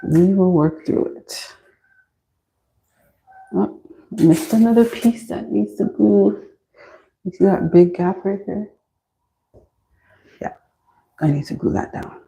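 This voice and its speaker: A woman's voice: medium pitch, takes it slowly, gravelly, pauses often, mellow, rough recording. A woman hosting a casual livestream, chatting with viewers and answering chat comments while working on a wig in a small washroom, recorded on her phone. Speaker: livestream host styling a wig. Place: small warm washroom indoors. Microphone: phone camera.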